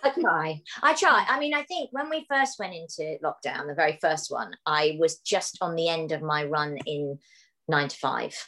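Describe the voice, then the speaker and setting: Lively woman telling animated anecdotes. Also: low voice, normal speed, low-quality recording. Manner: animated storyteller, acts out voices in anecdotes. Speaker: actress guest. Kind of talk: casual interview chat.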